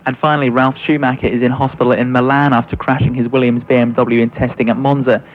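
Brisk male sports newsreader. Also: medium pitch, little pitch movement. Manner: brisk bulletin delivery. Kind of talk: news bulletin reading. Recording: thin phone-like radio audio with faint noise.

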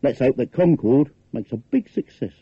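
A man's voice: medium pitch, lively intonation, moderate pace, slightly rough, highs cut off. An actor reading a comic poem in character as a grumbling, cynical working-class London man with a Cockney accent. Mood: wry grumbling. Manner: wry, grumbling, rhetorical questions.

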